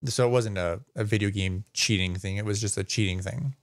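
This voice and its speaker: A man's voice: fairly low pitch, fairly even intonation, fairly quick. A man hosting a live stream, casually reading a news story aloud, rambling and stumbling over names, sometimes swearing. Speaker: streamer host.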